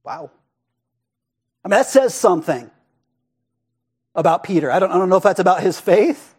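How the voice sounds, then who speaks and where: Man, high voice, pastor, casual conversational sermon, rhetorical asides, hushed emphasis. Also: normal speed, breathy edge. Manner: conversational preaching, frequent rhetorical "right?"; expressive, drops to a hush for emphasis.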